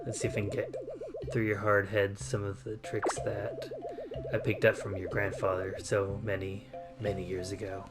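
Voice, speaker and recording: A woman putting on a gruff, scolding old shopkeeper. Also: rumbling low, level tone, moderate pace, loud music behind the voice. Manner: stern, lecturing reading of game text.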